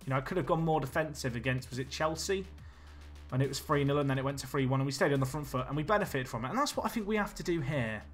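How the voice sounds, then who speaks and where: A man streaming a football management game, chatting nervously and swinging between low mutters and panicked yelling. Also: fast talker, soft background music. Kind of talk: live game commentary.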